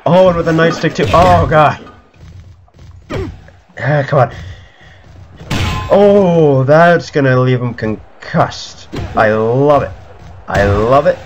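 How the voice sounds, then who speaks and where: Man, let's play commentary, excitable and panicky, slightly muffled sound, loud game music behind. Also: on the high side, slow pace, pauses often. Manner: excitable, panicky outbursts and cursing. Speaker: gaming video creator. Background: video game music.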